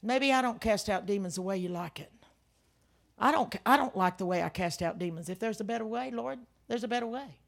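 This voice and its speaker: An older woman preaching a sermon, telling stories with animated emphasis and frequent laughs. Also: medium pitch, a little fast, vocal fry. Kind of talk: sermon with storytelling.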